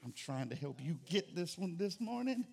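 A middle-aged man preaching a sermon as pastor, with dynamic delivery that swings from quiet to loud. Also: sits high, big pitch swings, normal speed, vocal fry, slightly rough.

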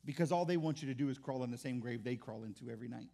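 A man's voice: mid-range voice, rapid-fire, creaky, warm tone. A pastor preaching a sermon in an impassioned, conversational way, often restarting his words.

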